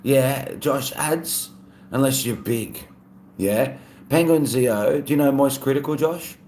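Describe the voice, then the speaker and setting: A man's voice: medium pitch, unhurried, reverberant, slight background noise. A man with an Australian accent, chatting casually on a live stream and reading out viewer comments. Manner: relaxed, chatty, laughs often.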